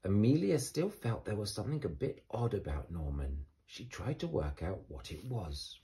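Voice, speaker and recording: A man reading a children's bedtime story aloud in a gentle, expressive way. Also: lowish voice, normal speed.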